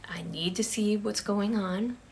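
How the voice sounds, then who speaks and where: A brave young girl who keeps her head and talks calmly to reassure her scared friends, as a woman storyteller puts her on. The voice has a gravelly, creaky edge and sits at an ordinary pitch, with faint noise behind it. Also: measured pace, lightly acted. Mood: steady.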